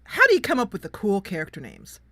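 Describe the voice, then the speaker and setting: A woman's voice: medium pitch, huge pitch swings, fast talker, sharp tone, no room sound. A woman hosting an online panel, teasing and giggling with her guests. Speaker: panel host. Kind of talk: panel discussion.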